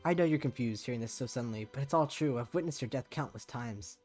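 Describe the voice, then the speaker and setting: A man's voice: medium pitch, fast talker, a little mellow, soft background music. Man casually reading a visual novel. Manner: casual reading with swearing asides. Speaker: streamer.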